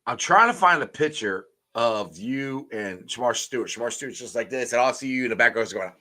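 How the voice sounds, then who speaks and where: A man hosting a casual sports podcast, talking in a relaxed, rambling way that trails off quietly at the ends of his thoughts. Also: medium pitch, brisk.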